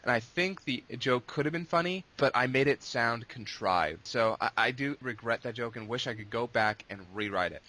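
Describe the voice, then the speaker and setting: Male interview guest, casual and rambling, with a bright, forceful tone. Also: mid-range voice, expressive, moderate pace, few pauses. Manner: long-winded, rambling with restarts. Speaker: guest, abridged series creator.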